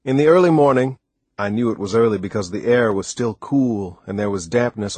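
A man narrating an audiobook in steady, first-person storytelling. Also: mid-range voice, moderate pace, slightly rough, no echo. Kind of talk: scripted narration.

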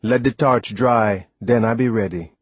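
A man's voice: fairly low pitch, measured pace, breathy edge, dry recording. A man reading a storybook, voicing an old sailor from the with a lilting dialect and an earnest manner. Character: old West Indian sailor, calm, devoted.

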